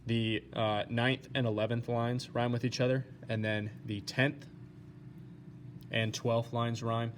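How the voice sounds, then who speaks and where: A man teaching a recorded lesson, explaining slides step by step in a plain, steady way with some fillers. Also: medium pitch, measured pace, slight background noise.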